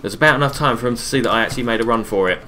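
A man streaming a game live, chatting casually, reading viewers' messages aloud and answering them between quick calls about the play. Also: medium pitch, noisy background. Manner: relaxed, chatty, repeats his own phrases. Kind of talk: casual live-stream commentary while gaming.

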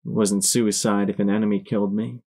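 A man giving dramatic, expressive first-person audiobook narration. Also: fairly low pitch, brisk, creaky.

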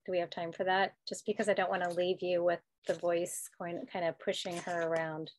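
A woman author talking haltingly at an online book event, full of fillers and restarts. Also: fairly low pitch, flat delivery, slight background noise. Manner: hesitant, many "you know" fillers and restarts. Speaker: author and guest.

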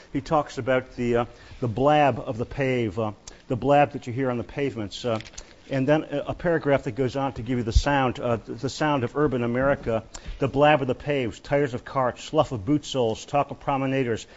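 A male lecturer talks his way through a poetry class, stopping often with fillers and false starts. His voice sits at an ordinary middle pitch. The recording is slightly muffled and dull. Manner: halting, many fillers and restarts. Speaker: literature lecturer.

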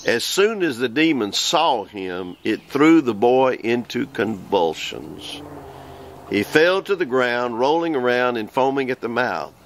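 A man in his sixties preaching a folksy sermon, slowing down to read scripture aloud. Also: medium pitch, very animated. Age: 60s.

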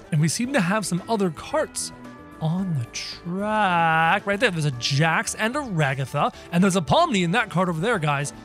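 A young man hosting a gaming channel, giving excited gameplay commentary and narrating every move to viewers. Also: a little high, normal speed. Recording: faint game music behind.

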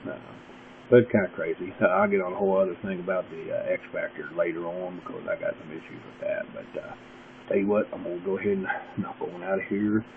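Low, drawling man vlogging. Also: steady tone, fast talker, creaky. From West Virginia. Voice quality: drawling, gurgly voice. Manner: folksy, meandering, opinionated. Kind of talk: casual rambling monologue. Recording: tinny lo-fi webcam audio with faint hiss.

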